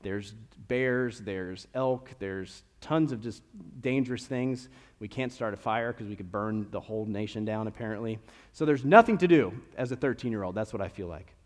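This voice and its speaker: A man's voice: on the low side, normal speed. A young man from Kentucky with a slight Kentucky accent, preaching a conversational sermon full of storytelling. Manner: storytelling, conversational with animated rises. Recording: long reverb of a church hall.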